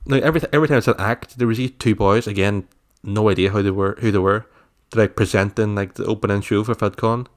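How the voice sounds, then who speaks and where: A man's voice: fairly low pitch, steady tone, quick pace. A man, co-hosting a podcast in casual chat, joking and laughing as he tells stories. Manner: jokey storyteller, laughs often. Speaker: podcast co-host.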